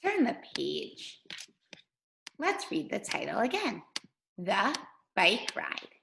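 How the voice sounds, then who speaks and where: A woman teacher leading a guided reading lesson for young children, speaking slowly and patiently. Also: medium pitch, huge pitch swings, creaky, background noise. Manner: slow, patient, sing-song teacher voice.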